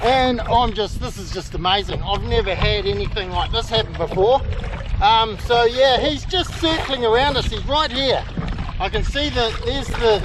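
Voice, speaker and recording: A middle-aged man with a New Zealand accent, narrating an excited outdoor vlog from a kayak at sea and often calling out loudly. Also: extremely high pitch, normal speed. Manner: excitable, exclaiming, calls out loudly. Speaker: kayak fishing host. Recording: wind and water noise.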